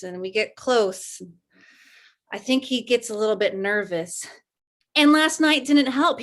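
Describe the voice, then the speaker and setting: An actress playing a shy 1950s teen girl confiding in her friend, talking in a halting, unsure way in a live improv comedy scene. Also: a little high, fairly bright tone. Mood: wistful.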